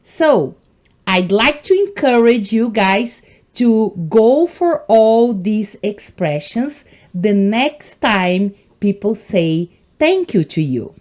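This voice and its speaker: A woman teaches English in an online lesson. Her pitch swings widely and she speaks slowly and deliberately. She keeps encouraging her viewers and addresses them as guys. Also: lively intonation, a little mellow. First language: Portuguese.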